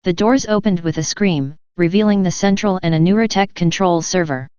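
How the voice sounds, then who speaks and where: A woman with a low, very smooth, clear voice reads a first-person science-fiction story in an even, measured way. The recording is dry and close with no room sound, and its tone is slightly dull and lo-fi.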